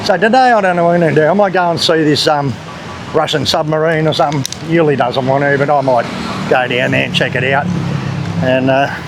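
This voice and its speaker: An Australian man speaks fairly quickly in a steady, rather high voice as he walks city back streets for a travel vlog. He keeps things casual and blunt, with some swearing, while loud traffic and motorbikes roar in the background.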